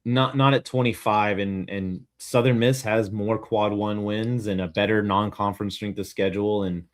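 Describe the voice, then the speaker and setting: A man co-hosting a college baseball show in casual sports chat, working through stats in a measured way, with wry asides. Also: fairly low pitch, fairly even intonation.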